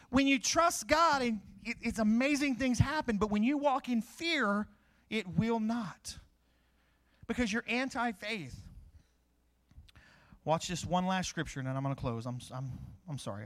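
A man's voice: high-pitched, a bit bright. A middle-aged man preaching a sermon, asking questions and answering them himself.

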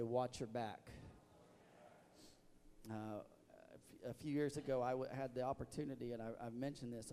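A man's voice: mid-range voice, a little mellow. A man preaching a sermon as pastor in a church, emotional and stammering with many restarts. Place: church sanctuary. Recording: long reverb of a church hall.

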